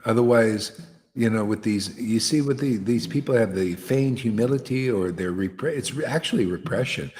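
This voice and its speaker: A spiritual teacher leading satsang delivers an impassioned devotional sermon, blunt and fiery and dropping slang like "man." His mid-range voice is a little mellow, moves at normal speed, and rings with long hall reverb.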